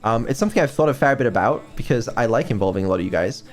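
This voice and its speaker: A man's voice: mid-range voice, expressive, rapid-fire, faint music behind. Hesitant, swearing male stream host. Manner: hesitant, full of ums, swears casually. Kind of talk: casual stream chat.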